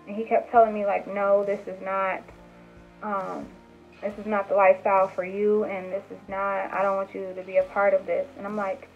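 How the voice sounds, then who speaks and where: A young woman vlogger telling a personal story in a casual, animated way, with lots of "like" and "um" and acted-out quotes. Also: mid-range voice, normal speed. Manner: animated retelling with acted quotes, many fillers. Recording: tinny phone-like sound with faint music.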